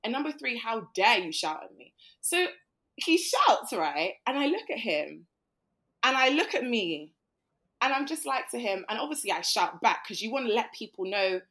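A woman tells a story on a podcast with lots of energy and loose, swearing chat. Her voice sits a little high. She slips into other people's voices as she goes. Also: moderate pace. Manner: animated, swearing, mimics people. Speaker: podcast co-host.

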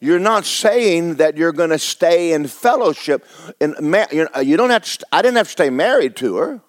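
A man's voice: on the high side, expressive, moderate pace, no room sound, clean studio sound. A man preaching a sermon as pastor, talking to his congregation with rhetorical questions. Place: church sanctuary.

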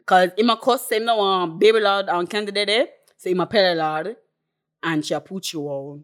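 A woman, co-hosting a casual podcast chat, tipsy and telling lively stories in patois. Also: mid-range voice, normal speed. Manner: animated storyteller who slips into patois. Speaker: podcast co-host.

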